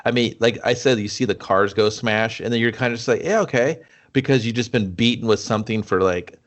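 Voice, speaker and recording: A man's voice: lowish voice, fairly even intonation, fairly quick. A man co-hosting a casual movie review podcast, chiming in with dry, wry jokes. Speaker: podcast co-host.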